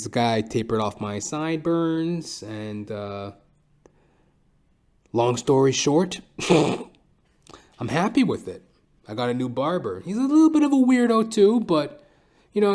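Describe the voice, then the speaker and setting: A man's voice: medium pitch, a little mellow. A young man hosting a podcast, telling a rambling, profane comic story in a casual monologue full of fillers. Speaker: podcast host. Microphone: podcast microphone.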